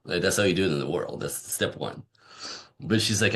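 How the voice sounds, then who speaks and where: A relationship coach being interviewed on a conversational podcast talks casually, animatedly acting out little dialogues from his stories. He has a deep voice and speaks fairly quickly.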